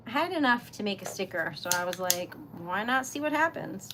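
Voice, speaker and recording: A woman's voice: medium pitch, brisk, background noise. A young woman hosting a crafting livestream, chatting casually, giggling and gushing over her work. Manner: chatty and self-deprecating, giggly, gushes excitedly. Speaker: livestream host making wax seal stickers.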